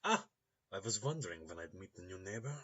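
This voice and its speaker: A man voicing a cultured, polite Russian rigger, speaking softly, courteously and in a measured way. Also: sits low, sing-song, breathy edge, exaggerated voice. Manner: soft-spoken, measured and courteous. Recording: slightly dull lo-fi recording.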